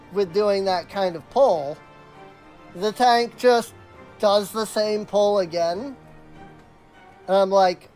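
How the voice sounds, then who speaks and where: A game streamer chatting casually on a live stream, telling exasperated stories with lots of "like" and restarts. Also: medium pitch. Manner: exasperated storytelling, full of "like" and restarts.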